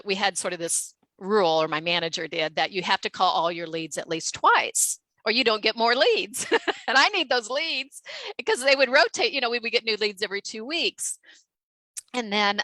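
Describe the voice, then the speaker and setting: A woman's voice: medium pitch, bright, forceful tone, no room sound, low-quality recording. A woman guest telling a story in casual chat, full of fillers and acted-out quotes. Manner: chatty, many fillers, acts out quotes.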